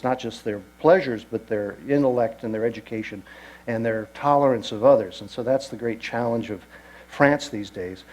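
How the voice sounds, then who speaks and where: A man giving an informal travel lecture to an audience, halting speech with frequent pauses and restarts, and dry asides. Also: mid-range voice, darkish tone, rough recording. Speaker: destination lecturer.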